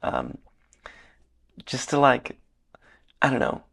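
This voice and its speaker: A young man from Northern Michigan hosting a casual solo podcast, rambling earnestly with many fillers, his voice hoarse and worn. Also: medium pitch, very animated, slow, fairly bright tone. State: losing his voice, slightly hoarse. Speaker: podcast host. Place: hotel room.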